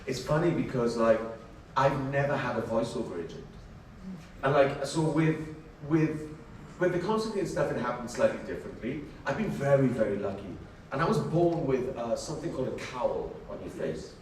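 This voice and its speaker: A man's voice: mid-range voice, normal speed. Man, chatty, in an echoey hall. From Wales. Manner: animated, chatty, laughs while telling stories. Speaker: actor, panel guest. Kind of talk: convention Q&A storytelling. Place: large convention hall. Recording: very echoey hall, distant, faint noise.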